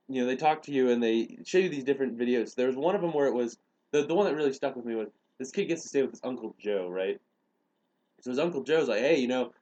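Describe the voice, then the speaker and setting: Young male podcast host, chatty storyteller, average pitch, animated delivery with quoted bits. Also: dull audio. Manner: animated retelling, acts out quoted lines. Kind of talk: casual storytelling chat.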